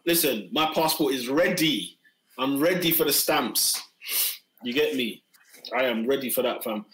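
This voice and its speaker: A man's voice: mid-range voice, measured pace, fairly bright tone, a little hiss or hum. A man hosting a casual football chat, slangy and laughing often. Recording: roomy echo.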